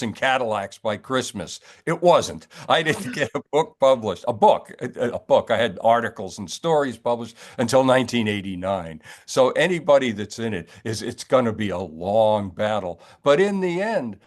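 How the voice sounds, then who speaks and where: Wry older man, low-voiced author. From New York area, US. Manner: wry, rambling storyteller. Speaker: author guest. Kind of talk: relaxed interview chat.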